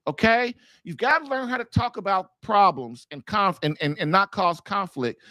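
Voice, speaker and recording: A man's voice: high-pitched, a bit bright, no room sound. A man hosting an advice podcast, talking informally and emphatically, hammering points home with rhetorical questions. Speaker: marriage coach and podcast host. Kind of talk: casual advice monologue.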